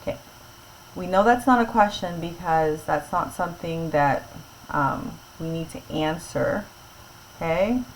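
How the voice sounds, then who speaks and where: A woman teacher talks her class through a grammar lesson, slowly and patiently, checking in with them after each point. Her voice sits a little low, with a faint hum in the background. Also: low-quality recording. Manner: patient, explains step by step and checks in with "okay?".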